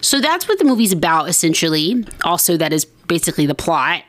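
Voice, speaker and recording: This podcast host has a lowish voice with big swings in pitch and a brisk delivery, recorded without echo. She chats casually, rambling, poking fun at herself and using plenty of fillers.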